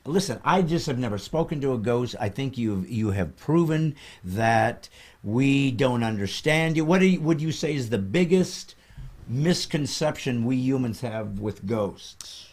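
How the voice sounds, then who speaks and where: A man's voice: medium pitch, expressive, measured pace, a little mellow. A man hosting a comedic interview, questioning his guest with playful mock seriousness. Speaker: comedy podcast host.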